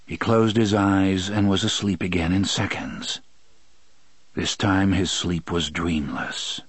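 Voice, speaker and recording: A man reading a novel aloud in steady, measured storytelling narration. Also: sits low, breathy edge, no room sound. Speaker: audiobook narrator. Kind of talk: scripted narration.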